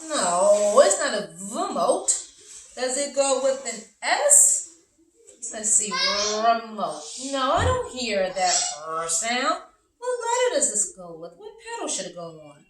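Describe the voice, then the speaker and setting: A woman teaching phonics to young children, slow and encouraging, sounding out letters with exaggerated care. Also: medium pitch, slight background noise. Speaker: early-learning teacher. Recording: roomy, from a distance.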